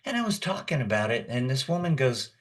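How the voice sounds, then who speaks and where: A man's voice: mid-range voice, very animated, a little fast. A man in his sixties, a guest voice actor, telling long rambling anecdotes with chuckles in a casual chat. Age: 60s. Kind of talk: casual storytelling.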